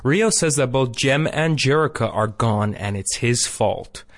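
A man talks casually as a podcast co-host, with a middle-pitched voice that stays even. He reads the plot recap, then drops in dry, sarcastic remarks. He is heard through a remote call mic. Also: unhurried. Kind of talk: casual chat and read recap.

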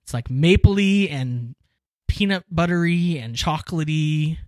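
A man hosting a podcast, chatting casually and explaining things with emphatic, animated enthusiasm. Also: on the high side, unhurried, no echo. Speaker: podcast host. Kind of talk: casual chat.

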